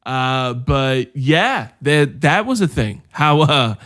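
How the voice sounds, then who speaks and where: A man co-hosting a podcast in casual chat, an animated storyteller who swears freely. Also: medium pitch, slow pace, no room sound, clean studio sound. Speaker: podcast co-host.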